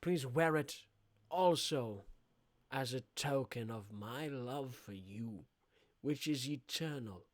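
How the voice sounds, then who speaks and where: A man's voice: medium pitch, expressive, slow, dry recording, studio quality, voice pushed down. Man putting on a mock-tender 1700s suitor. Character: old-fashioned 18th-century male suitor, mock-romantic.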